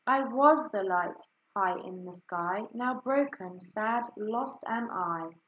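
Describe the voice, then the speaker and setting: A woman voicing a lonely, gentle female moon in a storybook, with a soft sing-song lament. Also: medium pitch, slow, slight background noise. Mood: sad. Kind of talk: storybook read-aloud. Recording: echoey room.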